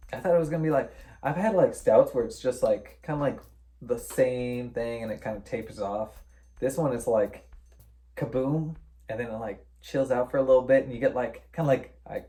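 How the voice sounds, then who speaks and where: A man's voice: mid-range voice, moderate pace, warm tone. A man co-hosting a casual beer review, describing flavors with enthusiastic images and sound effects. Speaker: co-host of a beer review show. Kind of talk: casual chat.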